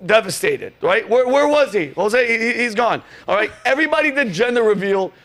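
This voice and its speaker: A man hosting a comedy podcast, ranting in a loud, animated way and swearing freely. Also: sits high. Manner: animated, swearing, quick asides to crew.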